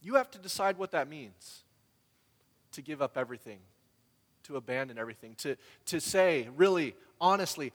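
A man preaching a sermon in a casual storytelling way, acting out the people in his stories with lively energy. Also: fairly high pitch, a little fast, long reverb tail. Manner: conversational storytelling, animated when quoting others. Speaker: pastor.

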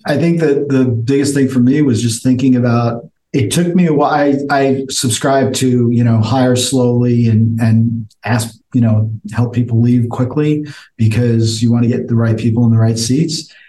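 A man's voice: mid-range voice, steady tone, moderate pace, dark tone, a little hiss or hum. An older man, co-hosting a coaching chat, reflective and restarting his sentences. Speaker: co-host. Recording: echoey room.

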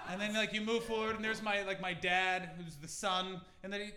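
A Canadian man performing a stand-up comedy set in a club, animated and slipping into mocking character voices. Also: high voice, brisk, few pauses, background noise. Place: comedy club with a live audience. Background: audience laughter.

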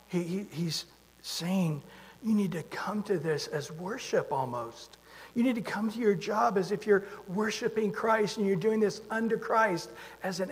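Husky preacher in a reverberant hall. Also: male voice, high voice. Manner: conversational, asks the listeners rhetorical questions. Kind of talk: sermon.

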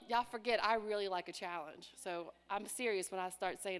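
A woman's voice: mid-range voice, steady tone, normal speed. A woman preaching a sermon, acting out prayers in a child's voice and dropping at times to a whisper.

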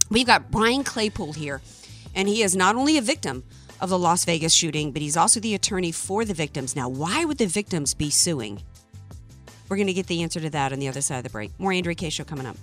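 A woman hosting a talk radio show, delivering an emphatic, indignant opinion monologue with sarcastic asides and quick restarts when she gets fired up. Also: mid-range voice, fairly bright tone, no echo.

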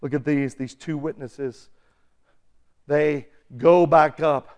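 A man preaching an animated sermon, acting out quick voices and shifting between loud bursts and quiet asides. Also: fairly high pitch. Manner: excitable, acts out voices, shouts and laughs. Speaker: pastor.

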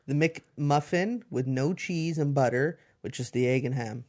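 Easygoing mid-pitched man co-host. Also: moderate pace, a little mellow. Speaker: podcast co-host. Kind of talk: casual chat.

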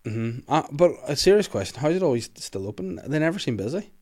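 A man's voice: a little high, sing-song, quick pace, a little mellow. A man hosting a comedy podcast, chatting casually in a joking, rambling way with some swearing.

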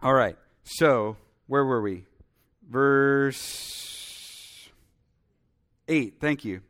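A man with a medium-pitched voice stretches out his words as he preaches a sermon. He reads Bible verses and comments along the way, staying animated and acting out voices now and then as he tells the story.

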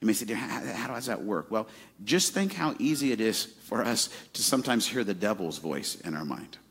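A man's voice: lowish voice, lively intonation, moderate pace, a bit bright, breathy edge. A man in his forties from Arizona, preaching a sermon in a casual, conversational way with many fillers. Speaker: pastor.

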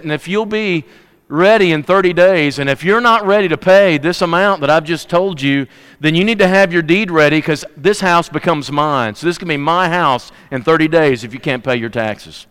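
Brief: male preacher doing a matter-of-fact Roman tax man, smooth tone. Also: a little high, normal speed, fairly bright tone, in a large hall, pitched above the performer's own voice, natural voice. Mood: stern. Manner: businesslike, matter-of-fact demands. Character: weary male Roman chief tax collector.

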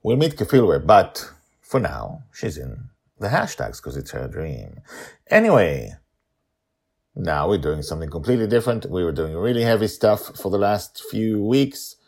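An older man narrating a story in a lively, animated way and hosting his own show. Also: low voice, moderate pace, gravelly. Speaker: storyteller and podcast host.

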